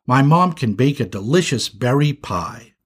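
A man's voice: medium pitch, expressive, measured pace, breathy edge. A man voicing a young male skunk, a patient big brother who turns frantic when his little brother strays, in a storybook reading. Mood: coaxing.

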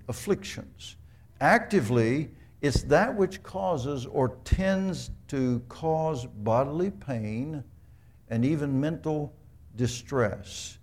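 Gravelly-voiced man preaching a sermon. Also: medium pitch, a little mellow. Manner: conversational storytelling preacher, rhetorical questions, voices scripture characters. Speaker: pastor.

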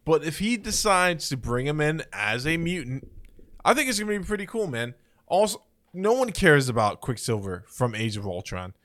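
Animated, opinionated man talking films. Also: fairly high pitch, normal speed. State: hiccuping. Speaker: podcast co-host. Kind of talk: casual pop-culture chat.

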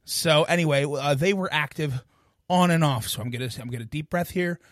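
A man's voice: fairly high pitch, fairly quick, a bit bright, no echo, studio quality. A man co-hosting a music podcast in a casual, joking, rambling way, poking fun at himself. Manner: joking, rambling, self-deprecating. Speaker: podcast co-host.

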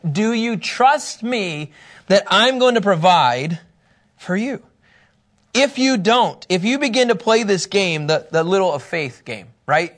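A man teaching a sermon, emphatic and animated, often acting out the lines he quotes. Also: on the high side. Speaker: pastor.

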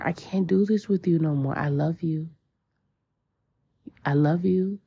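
A woman hosts a spiritual podcast in a loose, heartfelt monologue full of slang and repeated phrases. Her voice sits low and dark, with a husky edge. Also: measured pace. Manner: casual, emotional, slangy and repetitive. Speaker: podcast host.

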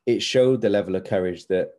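Speaking directly to his listeners, a podcast host in his forties delivers a motivational monologue in a low, dark, mellow voice at a fairly quick clip. He comes across as earnest and candid, driving points home by repeating phrases.

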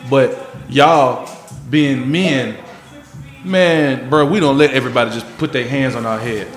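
Animated storytelling man in an echoey room. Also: medium pitch, measured pace, faint music behind. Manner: animated, swears freely, acts out other people in stories. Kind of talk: casual storytelling banter.

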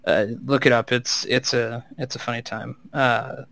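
Podcast co-host, man, clear smooth voice, close dry mic, hesitant. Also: medium pitch, steady tone, normal speed, fairly bright tone, dry recording. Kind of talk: casual chat.

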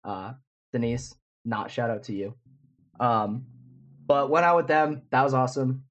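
Here a twentysomething podcast co-host, medium-pitched and steady in tone, talks unhurriedly with a slightly bright sound over lo-fi audio. It's casual chat, a rambling story stuffed with fillers.

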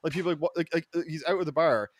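Fast-talking man, rambling profane stories. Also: a little high. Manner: rambling, profane storytelling with frequent fillers. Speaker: podcast co-host. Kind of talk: casual podcast chat.

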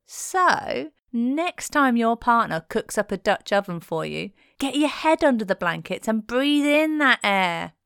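A woman's voice: medium pitch, creaky, clear, resonant tone, no echo, studio quality. A woman presenting in a playful, cheeky tone, reading a scripted narration.

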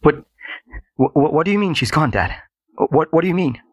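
A man's voice: fairly high pitch, lively intonation, unhurried, dry recording, studio quality, pitched above the performer's own voice. A man voicing a shocked teenage boy who stammers panicked questions.

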